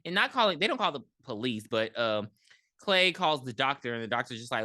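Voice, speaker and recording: A low-voiced woman with a bright, lively delivery, recapping a movie on a podcast. She swears freely and slips into the characters' voices as she tells it. The sound is dry and close. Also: fairly quick, no echo. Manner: animated, profane, acts out characters in quotes. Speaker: podcast co-host. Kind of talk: casual movie recap chat.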